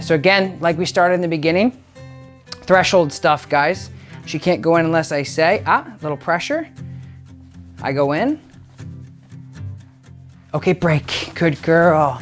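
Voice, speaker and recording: Chatty dog trainer vlogging a session, lots of "good girl", faint music behind. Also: mid-range voice. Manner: upbeat, chatty, praises the dog often. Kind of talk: casual training vlog. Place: indoor room with a dog crate.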